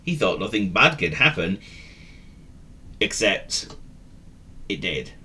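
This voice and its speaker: Guy reading a kids story, super lively swooping voice, bright tone, playful asides. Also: low-pitched, slow, a little hiss or hum. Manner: playful, teasing asides to the listener. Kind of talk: children's story narration.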